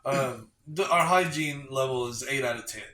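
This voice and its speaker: A man's voice: mid-range voice, normal speed, recorded from a distance, noisy background. A young man co-hosting a podcast, rambling wryly through a casual story. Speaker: podcast co-host. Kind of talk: casual chat. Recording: echoey room.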